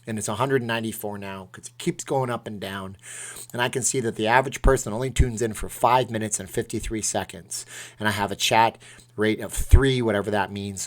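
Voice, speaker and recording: A middle-aged man casually chatting on a live stream, reading out donor names and rambling through asides. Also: fairly low pitch.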